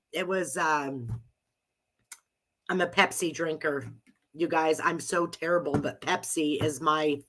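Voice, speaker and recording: A woman's voice: fairly low pitch, sharp tone. Middle-aged midwest lady w a cold, rambly and chatty, laughs a lot, hosting a live chat. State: has a cold. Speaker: live audio room host. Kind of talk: casual chat with listeners.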